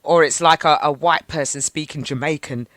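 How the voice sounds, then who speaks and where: A woman co-hosting a radio show, telling stories in an animated, chatty way. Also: deep voice, moderate pace, dry recording. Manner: animated, chatty storytelling with laughs. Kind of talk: casual radio chat. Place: radio studio.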